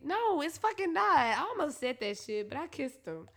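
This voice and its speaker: Bright, animated, tipsy woman telling stories. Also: high-pitched, normal speed. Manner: blunt, profane, laughing often. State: a little tipsy. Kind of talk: casual confessional storytelling. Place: alone at home.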